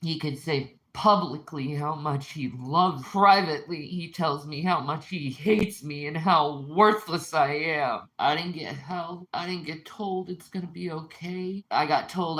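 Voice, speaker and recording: A woman's voice: deep voice, expressive, slow pace, hardly any pauses, a bit bright. A woman in a heated personal rant at her partner, upset, bitter and accusing, repeating herself.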